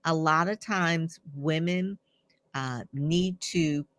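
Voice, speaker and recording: A woman's voice: low-pitched, takes it slowly. A woman hosting an interview show, chatty and affirming, who often agrees and reacts with enthusiasm. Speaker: host. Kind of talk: interview conversation.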